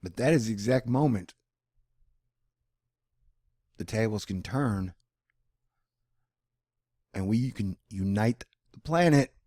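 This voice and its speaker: A male vlogger with a lowish voice delivers a rambling personal monologue, animated and drifting from topic to topic, sometimes slipping into mock voices. The recording is studio quality with no room sound.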